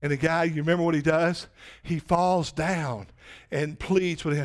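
A man's voice: fairly high pitch, normal speed. A man pastor preaching a sermon in a conversational way, often asking the congregation rhetorical questions.

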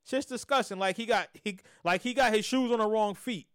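A man co-hosting a casual sports podcast, animated and repeating himself as he trash-talks teams. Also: high-pitched, a little fast, dry recording, clean studio sound. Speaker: podcast co-host.

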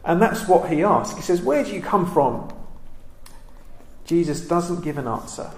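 Halting man teaching scripture. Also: on the high side, big pitch swings, reverberant. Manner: reflective, halting with many ums and restarts. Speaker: Bible teacher. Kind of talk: Bible study talk.

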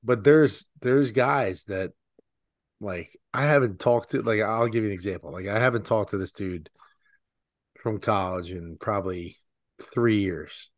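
A man's voice: lowish voice, unhurried, no room sound, studio quality. A man co-hosting a podcast in casual chat, rambling with lots of filler words. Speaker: podcast co-host.

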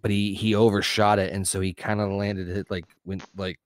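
A man's voice: fairly low pitch, level tone, normal speed, dry recording. Dry-sounding laughing, cursing man. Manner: profane, laughing storyteller. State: stoned. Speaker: podcast co-host. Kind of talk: casual podcast chat.

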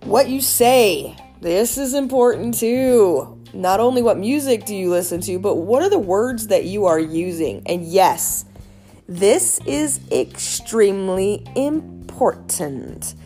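A woman giving casual wellness advice in an earnest, animated, chatty way, with many fillers. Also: medium pitch, takes it slowly, soft background music. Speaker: wellness speaker.

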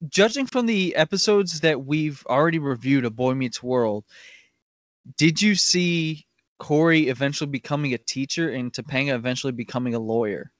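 A man co-hosting a casual podcast, agreeable and relaxed, laughing as he talks. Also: mid-range voice, moderate pace, dry recording. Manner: easygoing, agreeable, laughs while talking. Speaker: podcast co-host. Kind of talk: casual chat.

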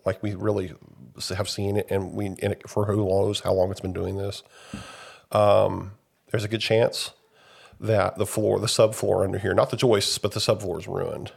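Young male podcast co-host, slightly hoarse after illness, rambling and chatty. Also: on the low side, moderate pace. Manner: rambling storyteller, animated when retelling events. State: recovering from covid, slightly hoarse. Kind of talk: casual chat.

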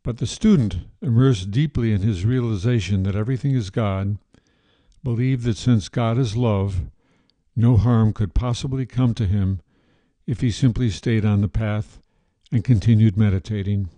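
A man narrates an old tale for his podcast in a calm, measured way. His voice sits low and is very dark and mellow, recorded dry and close with no room sound. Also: no echo. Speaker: podcast host and storyteller. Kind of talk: scripted story narration.

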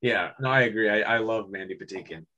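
A man co-hosting a casual movie podcast, rambling with many restarts and frequent throat clearing. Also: fairly low pitch, fast, bright, forceful tone, highs cut off, slight background noise. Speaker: podcast co-host. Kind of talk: casual chat about movies.

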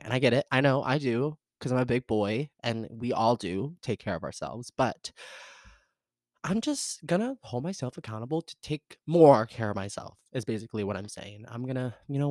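A young man in his twenties with a Southern US accent hosts a casual solo podcast, rambling in an upbeat way with lots of fillers, laughs and theatrical jumps in pitch. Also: dry recording. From American South. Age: 20s. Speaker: podcast host.

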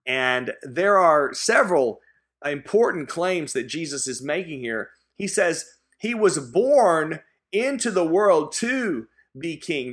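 A pastor delivers a sermon in a slightly high voice. He speaks slowly and deliberately. He is earnest and emphatic, repeating key phrases to press them home. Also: fairly bright tone. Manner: earnest, emphatic preaching with repetition.

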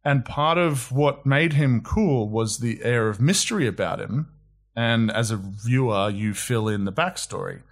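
A man from New Zealand, co-hosting a casual film chat and giving opinions with quick asides. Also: mid-range voice. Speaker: podcast co-host.

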